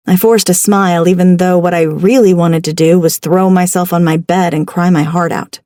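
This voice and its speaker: A woman narrating a first-person audiobook in a wry, expressive storytelling manner, recorded on a studio microphone. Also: lowish voice, normal speed, few pauses, dry recording.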